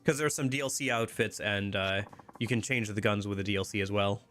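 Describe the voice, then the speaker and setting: A man's voice: fairly low pitch, steady tone, a little fast, a bit bright, soft background music. A man casually commenting while he plays a video game, rambling with many fillers. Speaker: streamer playing a game. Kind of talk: casual let's-play commentary.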